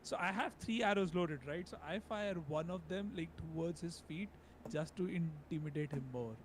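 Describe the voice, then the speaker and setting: A man's voice: on the high side, moderate pace, a little hiss or hum. A man playing a tabletop game who talks in a playful, loose way. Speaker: player. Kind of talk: casual tabletop game play.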